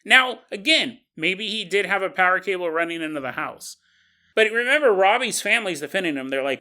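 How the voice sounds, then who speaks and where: A man hosting a podcast, telling a story in a casual, animated way and joking and laughing as he goes. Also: high-pitched, a little fast. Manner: animated, jokey, laughs often. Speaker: podcast host.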